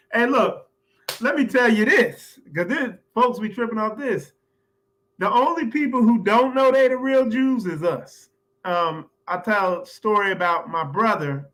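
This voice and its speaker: A man's voice: sits high, fairly bright tone, poor audio. A man hosting his own show, talking in a loose, chatty commentary monologue with laughs and filler phrases. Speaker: host.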